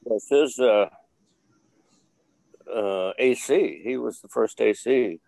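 A man's voice: mid-range voice, takes it slowly, vocal fry, a little mellow, no echo, poor audio. An older man, an interview guest, telling rambling stories with lots of fillers and blunt swearing. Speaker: interview guest, former film crew member. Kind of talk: casual interview storytelling.

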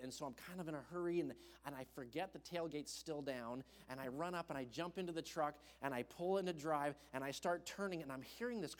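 A young man preaching from the pulpit, slightly high-voiced and animated as he tells his own story. His voice rings out with a long reverb in a church hall. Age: young adult. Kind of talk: storytelling sermon.

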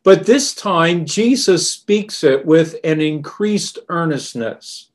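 A man preaching a sermon in a slow, earnest and deliberate way, dropping softer on the verses he quotes. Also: on the high side, animated.

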